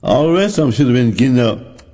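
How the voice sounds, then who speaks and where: A man's voice: medium pitch, expressive, fast talker, warm tone. A man preaching a sermon, retelling a story in a folksy way and repeating phrases for emphasis. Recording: long hall reverb.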